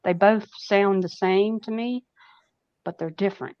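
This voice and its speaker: A woman's voice: medium pitch, a little slow, no room sound, highs cut off. A woman from Nashville with a Southern US accent, chatting casually on a live stream and laughing often. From Nashville, Tennessee. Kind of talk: casual chat.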